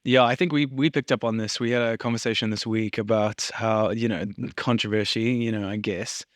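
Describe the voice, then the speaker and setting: A young man co-hosting a casual podcast, talking excitably and swearing freely. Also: medium pitch, dry recording, clean studio sound. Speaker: podcast co-host.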